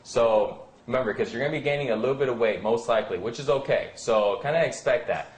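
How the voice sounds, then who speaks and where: In an echoey room, a fast-talking man with a mid-range voice plays a fitness coach giving casual advice, rambling through plenty of fillers and acting out the things friends might say.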